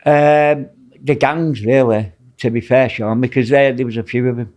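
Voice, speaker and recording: A man's voice: mid-range voice, steady tone, moderate pace, darkish tone, highs cut off. Man, Mancunian accent, casual storytelling, blunt, rambling, says "mate" a lot. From Manchester, England. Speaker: guest, former prison officer.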